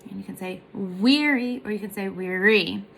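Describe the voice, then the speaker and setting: A woman's voice: mid-range voice, little pitch movement, very fast, gravelly, mellow, slight background noise. A woman giving a casual music lesson, explaining in a chatty way and singing short examples. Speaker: voice teacher.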